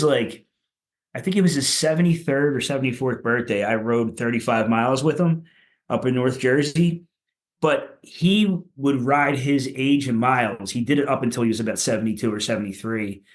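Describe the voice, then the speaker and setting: Rambling, profane man from Philadelphia. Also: medium pitch. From Philadelphia, USA. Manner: rambling, profane, many "like" fillers. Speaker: podcast guest, punk musician. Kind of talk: casual chat.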